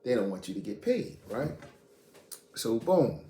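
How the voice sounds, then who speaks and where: A middle-aged man from Queens, casually telling a story in street slang and profanity, animated and blunt. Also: medium pitch, unhurried. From Queens, New York. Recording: echoey room, faint noise.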